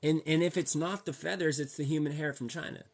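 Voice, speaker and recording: A man's voice: a little high, fairly even intonation, a little fast, gravelly. A man vlogging a casual rant, slangy and profane, heated and repetitive as he talks to his viewers. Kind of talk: casual ranting monologue.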